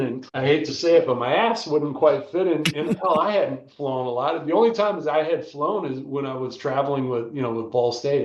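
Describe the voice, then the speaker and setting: An older American man, a former football player, telling animated stories in a casual interview and often asking "right?". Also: mid-range voice, far from the mic. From United States. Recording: roomy, dull lo-fi sound.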